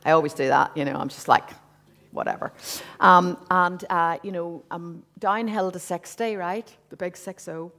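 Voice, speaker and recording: A woman's voice: fairly low pitch, fairly bright tone. A woman in her fifties sharing a personal testimony with a church congregation, earnest and conversational, with frequent asides. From Northern Ireland. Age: 50s. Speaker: church speaker. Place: church hall.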